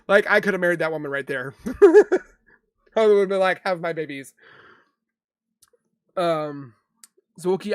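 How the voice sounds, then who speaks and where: Young guy streaming, reads chat out loud, kinda high voice, dry close mic, rambly asides. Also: no room sound. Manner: chatty, reads viewer comments aloud and reacts; loose, with restarts and quick asides. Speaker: livestream host reading chat. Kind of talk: casual live chat.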